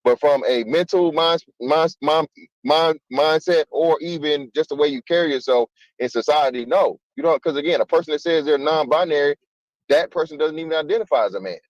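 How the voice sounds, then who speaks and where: A man's voice: on the high side, moderate pace, no echo, muffled recording. A man arguing his point in a heated casual debate, cutting in and repeating himself. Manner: insistent, repeats himself to hold the floor. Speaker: panelist.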